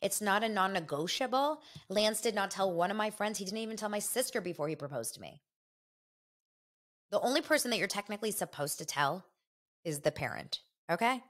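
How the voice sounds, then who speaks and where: A woman hosting a podcast, gossiping in a chatty, animated and opinionated way. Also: medium pitch, brisk. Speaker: podcast host. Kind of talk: casual gossip chat.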